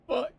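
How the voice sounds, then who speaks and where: A male streamer chatting casually during a game, often breaking into laughter. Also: pushed and bright. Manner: giggly, keeps breaking into laughter.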